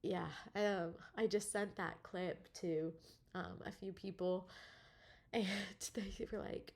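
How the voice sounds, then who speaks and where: A woman's voice: fairly low pitch, fairly even intonation, slow, creaky. A young woman in a personal video diary, close to tears, laughing nervously between words and using many fillers. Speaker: vlogger.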